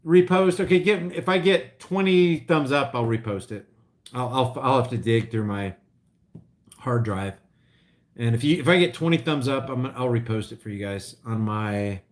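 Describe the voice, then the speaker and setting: A man's voice: medium pitch, moderate pace. Rambling middle-aged man streaming. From Oklahoma. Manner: rambling, restarts, swings loud and quiet. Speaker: vlogger reading live chat. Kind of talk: casual livestream chat.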